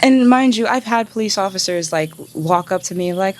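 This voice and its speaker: A woman in a casual vlog, telling her story in an animated, indignant way and swearing freely. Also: mid-range voice, moderate pace, hardly any pauses. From United States. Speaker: travel vlogger.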